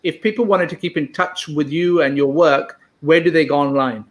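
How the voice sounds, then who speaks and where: A man hosts a live-streamed interview, posing calm, measured questions and politely thanking his guest. His voice sits a little higher than usual.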